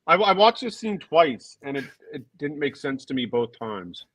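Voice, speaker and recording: A man co-hosting a fan podcast in casual chat, thinking aloud with many pauses and trailing sentences. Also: a little high, sing-song, a bit bright, husky, dry recording. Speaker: podcast co-host.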